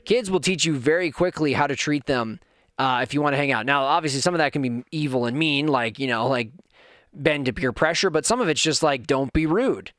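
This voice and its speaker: A man's voice: on the high side, brisk, fairly bright tone, dry recording, clean studio sound. A man hosting a podcast, talking candidly and earnestly in a personal monologue that builds to fired-up moments. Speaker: podcast host.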